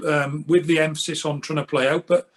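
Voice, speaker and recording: An older man from Wales speaks with a somewhat high voice. He answers earnestly and thoughtfully, sometimes repeating a word as he gathers his thoughts, in a relaxed interview chat. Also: fairly quick. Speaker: guest, goalkeeping coach. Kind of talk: casual interview.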